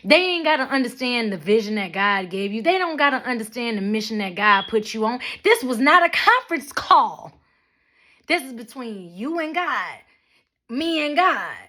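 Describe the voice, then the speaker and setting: A young adult woman vlogging a blunt, profane rant to her viewers, with mocking asides and animated storytelling. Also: a little high, moderate pace. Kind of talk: ranting monologue to camera.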